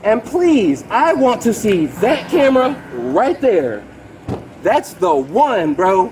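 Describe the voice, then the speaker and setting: Taking it slowly in a very high-pitched voice, a late-thirties man gives an agitated, rambling complaint to an officer beside a road. He's excitable and repeats "bro," and the rough body-camera recording has slight background noise.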